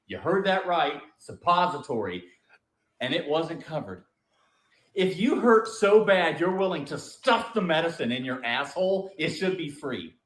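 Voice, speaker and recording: A man's voice: on the high side, echoey room. A man performing a profane stand-up comedy rant. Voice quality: profane, ranting and animated.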